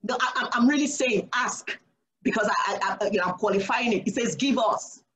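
A woman's voice: on the high side, fairly quick, fairly bright tone, rough recording. A deaconess teaching a church Bible study, exhorting and asking her listeners questions that she then answers herself. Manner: asks rhetorical questions and answers them herself; earnest, exhorting, sprinkles in "Praise the Lord".

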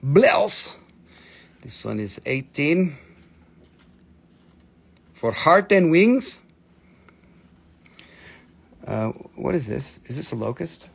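A man's voice: on the high side, expressive, takes it slowly, creaky, long pauses, slightly rough. A man chatting through a live sales stream of crystals, playful and joking, slipping into put-on broken-English voices.

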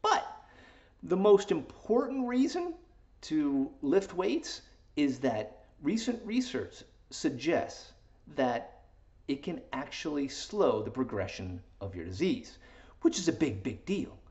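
A man's voice: on the high side, very animated, slow pace, darkish tone, highs cut off. A man hosting a fitness vlog in a casual, jokey way, hamming it up in a silly put-on accent.

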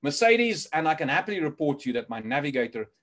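A man's voice: on the high side, fast. A South African man giving a motivational keynote, telling a story and acting out the dialogue and stutters for laughs. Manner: animated, acts out dialogue and stutters for comic effect. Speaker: motivational speaker.

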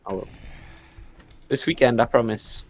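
A man's voice: mid-range voice, measured pace. A young man bantering casually during a game, laid-back and sweary. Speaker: gamer. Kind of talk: casual gaming chat.

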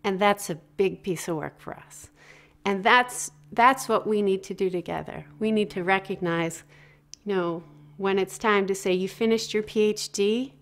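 Middle-aged woman telling a story to an audience. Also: medium pitch. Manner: conversational, halting with restarts, animated. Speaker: speaker giving a talk. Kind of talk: personal storytelling talk.

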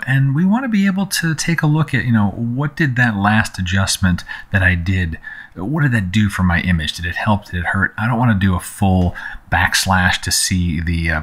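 A man with a notably deep, low voice walks through a screen-recorded editing tutorial. He talks loosely and conversationally, leaning on fillers like "you know" and "um" as he explains each step. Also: fairly bright tone. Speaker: photography tutorial host.

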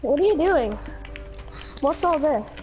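A woman with a very high voice chats slowly while she plays a video game. She is excitable and silly and makes playful little noises. A cough keeps breaking in. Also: faint music behind, rough recording. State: coughing repeatedly. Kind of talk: casual gameplay chat.

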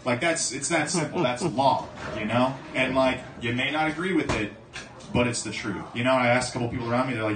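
A young man from South Florida doing a profane stand-up set, telling a story and suddenly shouting the voices of the people in it. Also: medium pitch, fairly quick. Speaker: stand-up comedian. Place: comedy club stage. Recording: roomy club sound from a distance, crowd audible.

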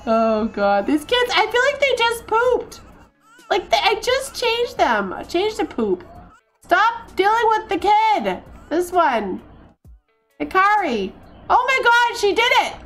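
A woman streamer giving excitable, laughing, exasperated commentary while playing a life-sim game. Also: very high-pitched, slow, soft background music. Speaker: gaming streamer. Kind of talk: casual gameplay commentary.

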